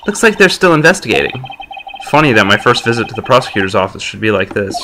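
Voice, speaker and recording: A man's voice: on the low side, very animated, quick pace, bright, forceful tone, slight background noise. A man hosting a game playthrough, reading dialogue aloud with wry, joking commentary. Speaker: let's play host.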